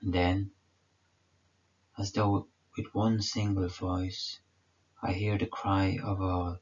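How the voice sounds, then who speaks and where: A man's voice: low voice, level tone, slow pace, pauses often, a little mellow, slightly rough. A man giving a solemn, prayerful devotional meditation reading. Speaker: devotional reader. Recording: dull lo-fi recording.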